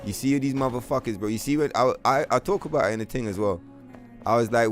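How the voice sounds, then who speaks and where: A man's voice: mid-range voice, fast, soft background music. A man from London with a London accent, chatting bluntly and profanely as he streams a game, with trollish banter. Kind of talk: casual livestream chat.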